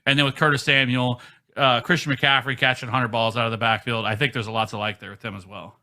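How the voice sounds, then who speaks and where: Male podcast host, bright and emphatic, casual sports talk. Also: medium pitch, little pitch movement. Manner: emphatic, quick, frequent ums. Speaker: fantasy football podcast host.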